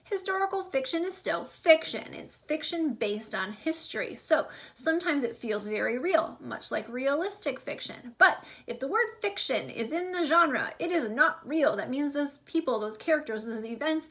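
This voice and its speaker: A young woman teaching a remote lesson to young schoolchildren, speaking slowly and clearly with a drawn-out teacher delivery. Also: sits high, expressive, fairly bright tone. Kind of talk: remote class video lesson.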